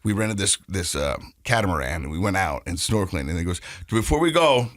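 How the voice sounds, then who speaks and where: A man's voice: low-pitched, quick pace, dry recording, clean studio sound. A man co-hosting a podcast, chatting casually and telling stories with acted-out voices. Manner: animated storyteller, acts out voices. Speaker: podcast co-host.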